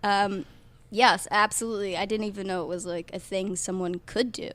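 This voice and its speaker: A young woman from Ohio chats as a podcast guest, telling her stories with lively animation. She laughs easily and talks at an ordinary middle pitch. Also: moderate pace. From Ohio, USA. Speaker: guest actor. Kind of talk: casual podcast chat.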